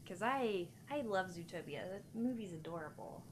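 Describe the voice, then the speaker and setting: A woman's voice: medium pitch, expressive, moderate pace, slight background noise. A woman streamer chatting casually with viewers while she plays, laughing often and cooing at her pet. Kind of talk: casual live-stream chat.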